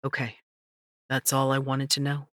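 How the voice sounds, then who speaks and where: A woman reading the lines of a young man who speaks quietly and haltingly, apologetic and guarded. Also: a bass voice, completely flat delivery, no echo, clean studio sound, pitched below the performer's own voice. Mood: resigned.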